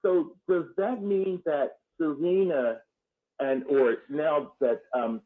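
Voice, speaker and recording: A man calling into a show, speaking haltingly and explaining himself carefully. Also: a little high. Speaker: caller. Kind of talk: call-in phone talk. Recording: tinny phone line.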